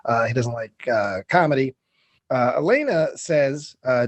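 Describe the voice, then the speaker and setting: A man's voice: mid-range voice, expressive, measured pace, no room sound. A man co-hosting a podcast, recapping a film scene by scene in loose chat, with lots of fillers and swearing. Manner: swearing, rambling with many fillers.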